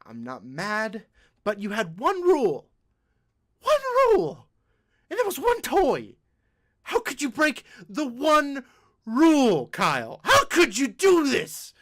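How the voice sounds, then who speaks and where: A man's voice: high voice, very animated, takes it slowly, long pauses, bright, forceful tone, heavily acted. A man voicing a fierce, protective mother who shrieks and scolds. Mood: exasperated scolding.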